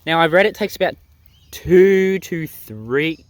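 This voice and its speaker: A man's voice: a little high, animated, takes it slowly, dry recording, poor audio. A young man, chatting casually outdoors in a gardening vlog and laughing often between phrases. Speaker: vlogger. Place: outdoors in the bush by a creek.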